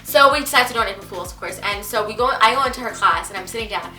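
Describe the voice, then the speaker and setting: A woman's voice: on the high side, bright, forceful tone, echoey room, far from the mic, faint music behind. A teenage girl telling a story to the camera in casual vlog chat, chatty and full of filler words. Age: teens. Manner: chatty, quick, lots of filler. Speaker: vlogger.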